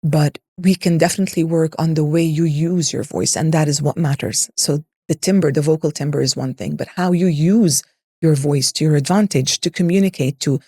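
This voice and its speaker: A woman speaks as a voice coach in an interview, guiding the listener step by step with lists and rhetorical questions. Her voice is mellow and fairly low, and the sound is dry and close. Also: fairly even intonation, moderate pace, no echo. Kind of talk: expert explaining in an interview.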